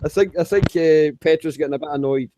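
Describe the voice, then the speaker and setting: A man's voice: on the high side, fast talker, dark tone, a little hiss or hum. A man in a voice chat teasing a friend and laughing often, in a casual tone. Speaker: voice chat participant.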